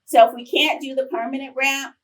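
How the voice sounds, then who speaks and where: A woman in her fifties, a professor giving a conference talk, telling chatty, animated personal stories to the audience. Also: high-pitched, a little fast, recorded from a distance, rough recording. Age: 50s. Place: conference room.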